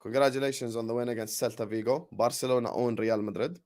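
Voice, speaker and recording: A young man hosting a live football watchalong, chatting with viewers and calling the play with slangy, excitable banter. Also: medium pitch, fast talker. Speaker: watchalong streamer.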